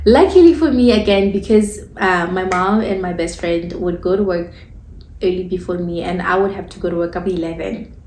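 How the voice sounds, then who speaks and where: A woman's voice: fairly low pitch, normal speed, darkish tone, slight background noise. Candid woman telling her story, echoey room. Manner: candid and conversational, informal phrasing. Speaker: esthetician sharing a faith testimony. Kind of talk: personal testimony, casual storytelling.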